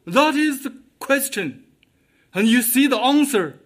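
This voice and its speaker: High-voiced, slow-preaching man. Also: expressive, a bit bright. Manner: emphatic, repeats key questions. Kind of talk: sermon.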